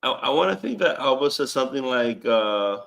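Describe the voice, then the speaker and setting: A man at a football watch-along, ribbing his friends and asking them questions. His voice sits at a plain middle pitch. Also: sing-song, brisk, creaky, a bit bright. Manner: teasing, asks the others questions. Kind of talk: casual chat over a live match.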